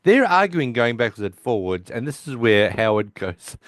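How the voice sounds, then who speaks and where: A man's voice: medium pitch, very animated, normal speed, hardly any pauses, no room sound, studio quality. A man co-hosting a podcast, casually recapping an episode by quoting the characters' lines, with lots of restarts. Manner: rambling, with frequent restarts. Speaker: podcast co-host.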